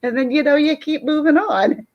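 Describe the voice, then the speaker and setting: A woman co-hosting a casual chat show, telling a story in a chatty, unhurried way. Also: high voice, highs cut off. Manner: storytelling, chatty, drawn-out pauses. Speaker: podcast co-host.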